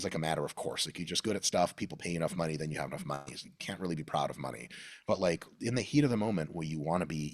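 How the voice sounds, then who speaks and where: A low-voiced man with a slightly husky tone rambles through a story, swearing freely and acting out the people in it. His pitch swings widely as he talks. The sound is dry and close. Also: a bit bright, dry recording. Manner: rambling, profane, acts out quoted voices. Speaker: podcast guest. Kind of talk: casual storytelling.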